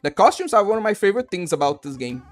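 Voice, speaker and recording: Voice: mid-range voice, big pitch swings, fast, faint music behind. A game streamer chatting casually with viewers while playing, rambling with lots of fillers and restarts and joking loosely with the chat.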